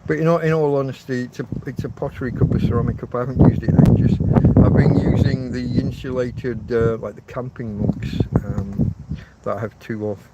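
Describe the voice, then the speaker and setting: A man's voice: mid-range voice, steady tone, moderate pace, distant mic, dull audio. An older man from England, livestreaming a casual, rambling chat outdoors under an umbrella and swearing casually. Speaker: livestreaming vlogger. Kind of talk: casual live-stream chat. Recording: loud background noise.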